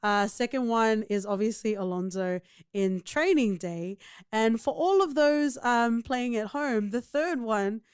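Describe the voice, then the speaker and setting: A woman's voice: fairly high pitch, measured pace, clean tone, no room sound, clean studio sound. A woman co-hosting a podcast in casual chat, full of playful, teasing banter. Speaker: podcast co-host.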